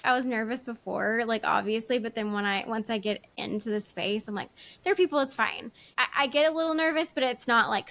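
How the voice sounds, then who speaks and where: A woman's voice: fairly high pitch, a bit bright. A woman, a podcast host from Arkansas, chatting in a rambling, giggly way with lots of fillers. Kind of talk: casual chat.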